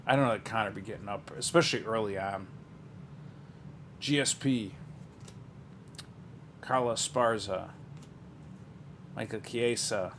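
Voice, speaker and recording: A man's voice: fairly low pitch, measured pace, long pauses, a bit bright, slight background noise. Offhand man reading out card names. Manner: rambling and offhand, trailing into asides and chuckles. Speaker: card breaker. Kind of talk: casual running commentary while opening card packs.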